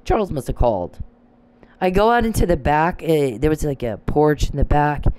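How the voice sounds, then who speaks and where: A woman's voice: low voice, very animated, moderate pace, a little mellow, a little hiss or hum, low-quality recording. Combative woman ranting, profane and rambling. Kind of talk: angry monologue to camera.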